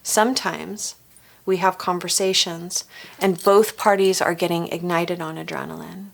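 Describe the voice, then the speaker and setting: Low-pitched and creaky, this woman's voice holds a steady tone at a measured pace as she presents a family recovery workshop. She guides listeners through rhetorical questions and performs example phrases.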